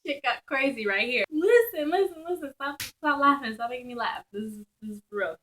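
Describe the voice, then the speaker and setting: A young woman vlogger telling a wild night-out story in casual slang, animated and laughing often. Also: on the high side, a little fast, rough recording.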